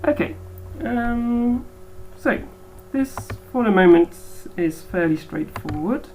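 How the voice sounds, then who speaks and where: A woman's voice: a little high, animated, takes it slowly, mellow, faint music behind, rough recording. Hesitant woman teaching a lecture. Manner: hesitant, lots of ums. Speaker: biology teacher. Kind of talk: recorded lecture.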